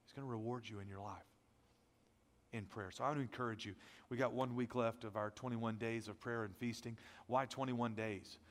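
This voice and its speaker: A man preaching a sermon as pastor, energetic and conversational, with self-deprecating asides, and without a deep voice. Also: fairly quick, big-room sound. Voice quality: not a deep voice.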